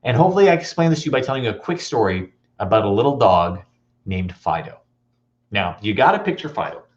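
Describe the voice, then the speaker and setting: In a dull lo-fi recording, a man with a lowish voice speaks at a quick pace. He's a motivational speaker at a school assembly, animated as he tells stories and quizzes the audience.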